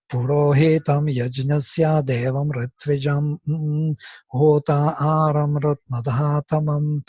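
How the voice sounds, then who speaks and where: A man teaching Sanskrit in a seminar, speaking as a with many pauses and chanting verses aloud. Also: on the high side, a little mellow, slightly rough, no room sound. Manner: slow, halting, chants verses. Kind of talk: seminar lecture with recitation. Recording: dull, dry lo-fi recording.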